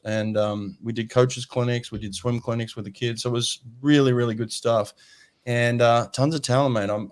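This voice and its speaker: A man hosting a casual swimming podcast, rambling and repeating himself. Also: mid-range voice. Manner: rambling, repeats words, says "mate" often. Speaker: podcast host. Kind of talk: casual chat.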